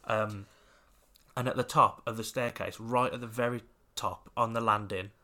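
Male podcast co-host, casual and rambling, low but bright voice. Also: fairly even intonation, moderate pace. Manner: rambling storyteller, many fillers. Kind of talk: casual chat.

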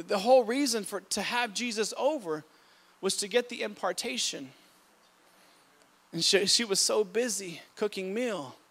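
High, bright-voiced impassioned male preacher. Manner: impassioned preaching with sudden loud emphatic bursts; repeats and restarts words mid-sentence. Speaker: pastor. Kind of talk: sermon.

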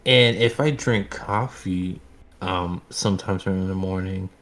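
Casual male podcast co-host, low voice, loose and rambling with lots of fillers. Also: unhurried, fairly bright tone. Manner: rambling, filler-heavy storytelling. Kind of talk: casual chat.

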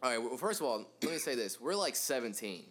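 A man in his twenties telling a rambling, animated story in casual podcast chat, full of fillers. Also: medium pitch, fast. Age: 20s. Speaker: podcast host.

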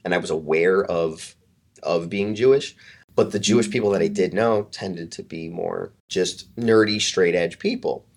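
Guy with a really deep voice, fitness coach type, chatting on a podcast, swears a lot, hushes his voice for quotes. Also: normal speed, creaky. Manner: animated, profane, acts out quotes in hushed voices. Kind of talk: casual storytelling in a podcast interview.

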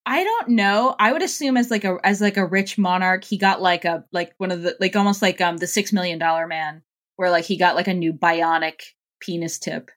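A woman's voice: on the low side, brisk, fairly bright tone. A woman co-hosting a casual comedy podcast, rambling with crude jokes and many fillers. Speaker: podcast co-host.

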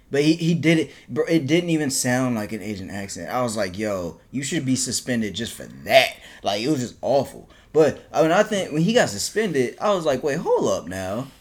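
Animated young-sounding man chatting. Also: mid-range voice, a little fast. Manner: animated, laughs often, repeats himself. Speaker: co-host. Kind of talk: casual podcast chat.

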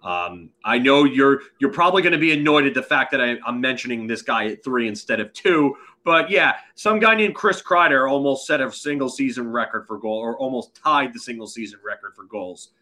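A man's voice: medium pitch, animated, a little fast, hardly any pauses, bright, forceful tone. A man co-hosting a casual sports podcast, rambling with many fillers and restarts. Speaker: podcast co-host.

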